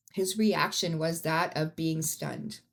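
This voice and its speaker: A woman hosts a true-crime podcast in loose, chatty storytelling. Her voice sits low and has a gravelly, fry-heavy texture. She swears freely and talks bluntly, often rising into sudden outbursts. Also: steady tone, takes it slowly. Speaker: podcast host.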